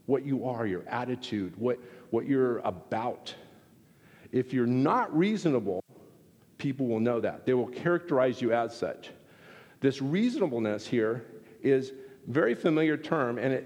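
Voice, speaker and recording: A pastor delivering a sermon, animated and acting out little exchanges as he teaches. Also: mid-range voice. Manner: animated, acts out quoted exchanges. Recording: long hall reverb.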